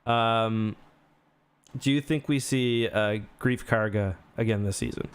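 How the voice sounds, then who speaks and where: A man's voice: on the low side, unhurried, clear, resonant tone. A man co-hosting a casual podcast, joking around, swearing casually and slipping into silly voices. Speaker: podcast co-host.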